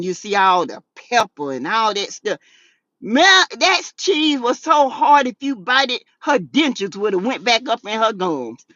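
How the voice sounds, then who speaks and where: A Southern woman hosting a casual gossip show, sassy and animated, laughing often as she reads out chat messages. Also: medium pitch, no room sound, lo-fi sound. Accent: Southern US, South Carolina. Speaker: YouTube talk show host. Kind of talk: casual gossip commentary reading live chat.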